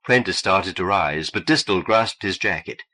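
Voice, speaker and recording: A man reading an audiobook in a measured, expressive way. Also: low-pitched. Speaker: audiobook narrator.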